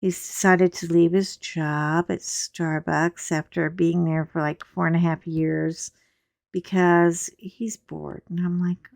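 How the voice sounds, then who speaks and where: A middle-aged woman, hoarse while recovering from laryngitis, chatting casually and rambling with wry humor as she hosts her coloring channel from a chair at home. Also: on the low side, flat delivery, slow pace, a little mellow, no echo, clean studio sound. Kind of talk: casual chat.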